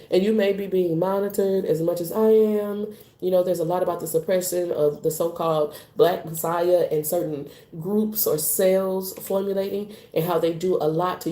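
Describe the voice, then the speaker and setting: Woman tarot reader, mellow, roomy echo. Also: fairly low pitch. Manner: casual, slangy, rambling. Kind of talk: live tarot card reading.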